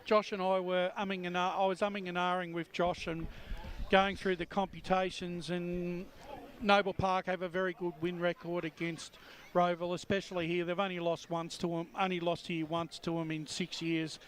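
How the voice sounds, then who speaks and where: A man giving his tip on radio, steady and matter-of-fact. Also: high voice, normal speed. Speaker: radio football commentator. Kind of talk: pre-match radio chat.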